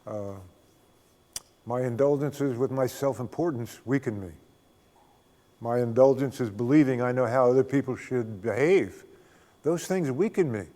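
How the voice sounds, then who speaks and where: An older man giving a spiritual talk as a guest speaker, a folksy, unhurried storyteller who often chuckles. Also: medium pitch, warm tone. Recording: long reverb of a hall.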